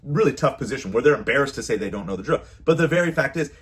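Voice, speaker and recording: A man's voice: medium pitch, animated, racing, slightly rough. A man who is a youth baseball coach and parent, giving casual, earnest advice to camera and often repeating his phrases.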